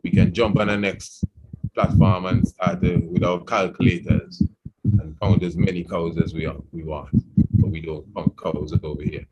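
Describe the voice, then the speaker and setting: Low-voiced man hosting radio talk. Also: level tone, moderate pace, dull audio, heavy background noise. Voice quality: meandering, with frequent "you know". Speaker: radio program host. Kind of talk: reflective radio talk discussion.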